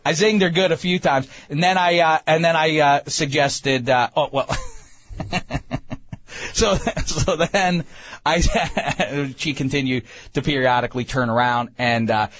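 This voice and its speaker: A man, host of a talk show, telling a comic story in an animated, self-mocking way with many stammering restarts. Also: on the high side, takes it slowly, lo-fi sound. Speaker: podcast host.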